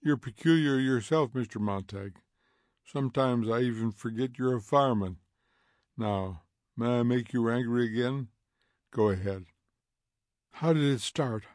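A man voicing a curious, gently odd teenage girl who talks softly and stumbles over her words. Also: medium pitch, unhurried, long pauses, no echo, studio quality, lightly acted. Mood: wondering.

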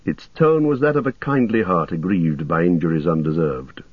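A man reading a fantasy audiobook in a measured storytelling manner. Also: deep voice, slightly rough, no room sound. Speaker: audiobook narrator. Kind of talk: scripted narration. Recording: dull lo-fi recording.

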